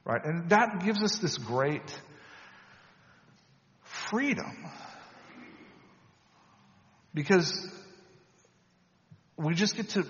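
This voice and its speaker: A man's voice: mid-range voice, a little hiss or hum. A man giving a sermon as a pastor, telling personal stories in a conversational, self-deprecating way and acting out the dialogue. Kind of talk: sermon storytelling. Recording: dull lo-fi audio with long hall reverb.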